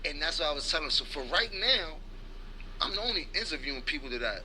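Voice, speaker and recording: A man's voice: a little high, fast, poor audio. A man with a New York accent talking casually and a little rambling, using slang as he explains his plans. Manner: relaxed, rambling, slangy, restarts. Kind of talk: casual conversation.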